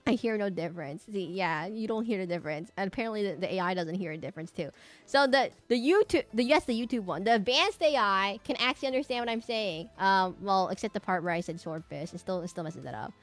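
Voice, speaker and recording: A woman streamer chatting casually while she draws, with a slight lisp and fast, tumbling speech full of restarts. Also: mid-range voice, faint music behind.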